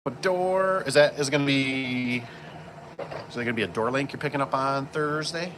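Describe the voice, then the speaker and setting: This man speaks at a medium pitch and a normal speed. He installs garage doors and, while handling tools on the job, talks loosely in a work-vlog style, rambling and dropping in plenty of fillers. The recording carries job-site background noise, including vehicles.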